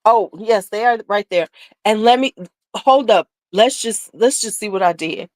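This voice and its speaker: A woman's voice: mid-range voice, normal speed, a little mellow, no echo. A woman hosting a casual beauty livestream, chatting candidly and sassily with viewers, laughing often. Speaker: beauty channel host.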